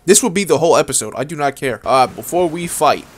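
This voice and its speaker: A young man giving casual, excitable, slangy commentary while playing a game, talking straight to the enemies he fights. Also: fairly high pitch, quick pace, slight background noise. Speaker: gaming video creator. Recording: voice over game music.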